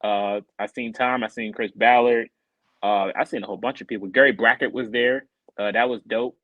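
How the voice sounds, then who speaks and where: Animated man telling a story on a podcast. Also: on the low side, normal speed, no room sound, muffled recording. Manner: animated, acts out quoted voices. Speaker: podcast co-host. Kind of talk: casual storytelling chat.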